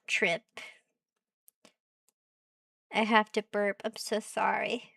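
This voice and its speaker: A woman's voice: medium pitch, unhurried, gravelly, hardly any pauses, sharp tone, dry recording, studio quality, recorded from a distance. A young woman streaming as a VTuber, chatting casually and playfully while reacting to a show, giggling and teasing her chat.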